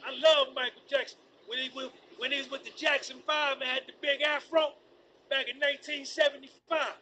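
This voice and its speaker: A man rambles live to his viewers, repeating lines and singing bits. His voice sits very high and sharp. A faint hiss runs under it. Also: low-quality recording. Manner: animated, repetitive, sings snatches. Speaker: streamer. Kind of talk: rambling casual commentary.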